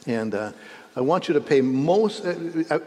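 A man's voice: medium pitch, lively intonation, normal speed, darkish tone. A man teaching a Bible lesson as a sermon, emphatic, rising on key words and correcting himself as he goes. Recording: echoey hall reverb.

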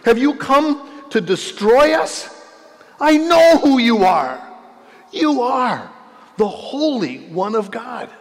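A man voicing a defiant evil spirit possessing a man, crying out loud and high. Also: very animated, takes it slowly, full character voice. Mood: alarmed. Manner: loud, high, strained cries. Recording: echoey hall reverb.

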